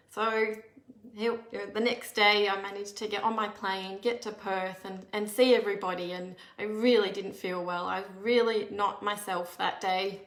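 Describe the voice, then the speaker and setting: A woman's voice: mid-range voice, flat delivery, normal speed, fairly bright tone. A woman, earnestly telling a personal story in a candid, conversational way, with frequent restarts. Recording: echoey room.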